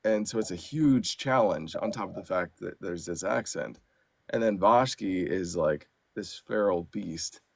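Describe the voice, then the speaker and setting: A man who narrates audiobooks talks on a podcast in a low, gravelly voice. He's animated and loose, full of fillers. The sound is dry and close, with no room around it. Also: unhurried, dry recording. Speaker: audiobook narrator and actor, guest. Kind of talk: casual podcast chat.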